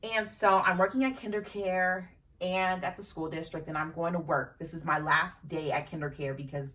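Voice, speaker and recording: A woman podcast host tells a personal story with frankness and feeling, swearing casually along the way. Her fairly low, fairly bright voice stays steady at a normal speed. She's recorded at a distance from the mic.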